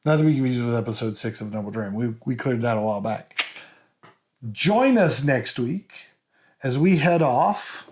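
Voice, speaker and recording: Animated podcast host, lively pitch. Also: male voice, moderate pace. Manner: animated quiz-master teasing, big pitch swings. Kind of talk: casual whisky podcast chat.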